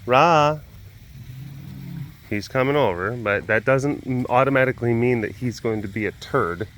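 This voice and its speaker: A man's voice: medium pitch, moderate pace, a bit bright, a little hiss or hum. A man hosting a casual walk-around vlog at an animal facility, rambling playfully and chatting to the animals. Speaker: animal keeper vlogger. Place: outdoors at a rural animal facility.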